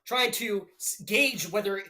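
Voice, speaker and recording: In a voice that sits high and at a slightly slow pace, a young man gives humorous, energetic play-by-play of a live fight stream, breaking into loud outbursts.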